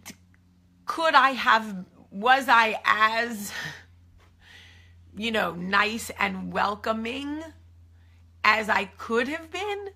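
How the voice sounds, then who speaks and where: A woman's voice: a little high, expressive, very slow, gravelly, long pauses, bright, forceful tone. A woman with a New Jersey accent hosting a casual chat to camera. She talks in a confiding way and keeps drifting into asides. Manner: chatty and confiding, trailing off into asides. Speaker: host.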